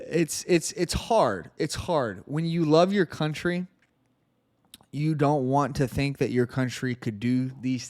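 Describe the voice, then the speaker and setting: A man hosting a political podcast, reading news excerpts quickly and answering them with sarcastic commentary. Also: medium pitch, smooth. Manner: sarcastic, reads news quotes aloud fast. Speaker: podcast host.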